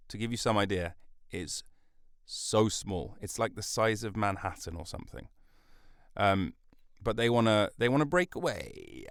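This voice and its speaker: A man from the UK hosts a solo podcast from a studio, wandering from thought to thought with jokes at his own expense. His voice sits fairly low and comes across smooth and clear. The studio sound is close and dry, with no room in it. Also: no echo. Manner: rambling, jokey, self-mocking asides. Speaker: podcast host. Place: recording studio. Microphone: studio mic.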